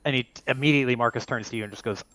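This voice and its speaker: A man's voice: medium pitch, rapid-fire, a bit bright, rough recording. A man narrating as game master of a tabletop role-playing game, loose and full of fillers.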